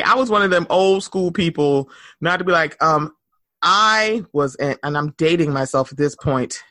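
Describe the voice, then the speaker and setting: A woman in her thirties hosting a podcast, chatting casually in an animated, sing-song way and laughing often. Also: low-pitched, moderate pace, dry recording. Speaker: podcast host. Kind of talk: casual chat.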